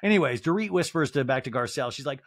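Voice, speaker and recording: Lively, crude comic man recapping. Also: mid-range voice, quick pace. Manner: animated, crude, laughs at his own jokes. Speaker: podcast host. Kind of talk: comedic reality-TV recap.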